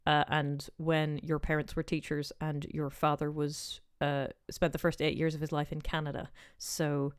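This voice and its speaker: A woman in her thirties with a softened Northern Irish accent, chatting casually as she answers viewer questions on a livestream, rambling with plenty of "um" and "like". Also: low-pitched, little pitch movement, moderate pace, hardly any pauses, clean tone. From Northern Ireland. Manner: chatty and rambling, with many "um" and "like" asides.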